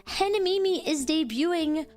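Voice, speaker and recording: High, lively bubbly woman streamer. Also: moderate pace, soft background music. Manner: bubbly, squeals and sing-song greetings. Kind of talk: casual live-stream chat.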